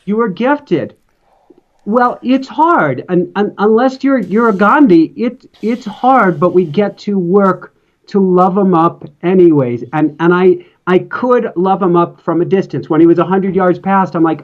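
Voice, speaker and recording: A man's voice: sits high, unhurried. A man hosting a podcast, talking in a reflective, rambling casual way with some laughter. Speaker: podcast host and interviewer. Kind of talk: casual chat. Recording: dull lo-fi sound.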